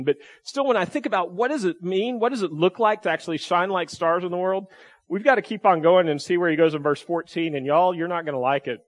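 A man preaching a sermon in a conversational way, often asking the congregation questions. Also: fairly high pitch. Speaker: pastor.

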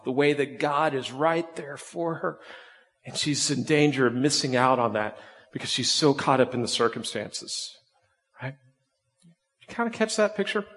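A man delivers a conversational sermon, lifting his voice and then letting it sink low to drive points home. His voice sits a little high for a man. The sound carries a long hall reverb. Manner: conversational preaching, voice rising and dropping for emphasis. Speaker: pastor.

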